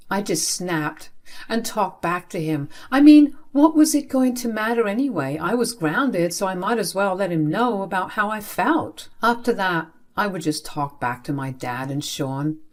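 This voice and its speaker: A young adult woman telling a first-person story in a plain, matter-of-fact way. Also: fairly low pitch. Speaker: narrator.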